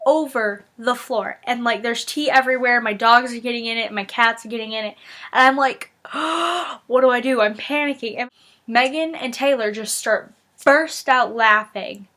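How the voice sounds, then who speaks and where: A teenage girl vlogging from her bedroom, telling funny stories in an animated, giggly way with lots of restarts. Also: on the high side. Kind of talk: casual storytelling vlog. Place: bedroom with window open.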